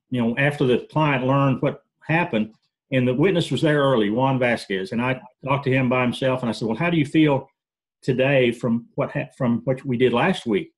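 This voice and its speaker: A man working as a jury consultant tells folksy war stories on a webinar panel, often repeating words as he gathers his thoughts, over a video call. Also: mid-range voice.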